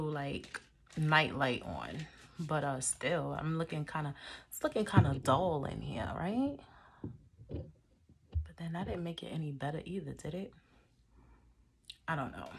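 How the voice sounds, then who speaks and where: A young woman with a low voice chats her way through a tarot reading, loose and laughing, dropping the odd swear. She is recorded on a phone camera indoors, with a faint hiss under her voice. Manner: chatty, laughing, swears casually. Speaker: tarot reader. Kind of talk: casual chat, tarot reading. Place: dim room indoors.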